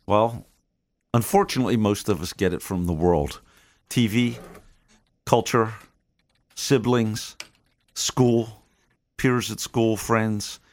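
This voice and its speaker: A man's voice: on the low side, no echo. A man guesting on a Christian radio show, explaining his program in an earnest, teaching manner and acting out voices when he tells a story. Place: radio studio.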